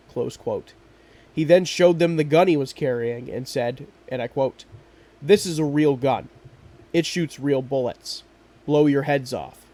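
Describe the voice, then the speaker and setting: A man hosting a podcast, narrating a true crime case in a steady, measured way. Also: mid-range voice. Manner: steady, measured storytelling with quoted lines. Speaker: podcast host.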